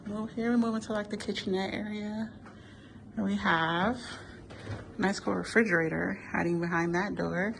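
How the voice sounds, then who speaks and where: A woman vlogger walks through a hotel room on camera, talking in a relaxed, enthusiastic way. Her voice sits in a middle register. A faint hum of the room runs underneath. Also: medium pitch, moderate pace, vocal fry, poor audio. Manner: chatty, enthusiastic. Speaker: travel vlogger. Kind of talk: casual hotel room tour.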